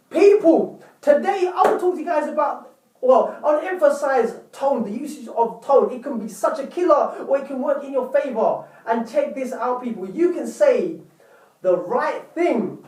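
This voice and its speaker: A man's voice: very high-pitched, a little mellow, distant mic. A man giving relationship advice to camera in an earnest, repetitive way, often calling viewers "people". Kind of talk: direct-to-camera advice talk. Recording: echoey room, voice off-mic.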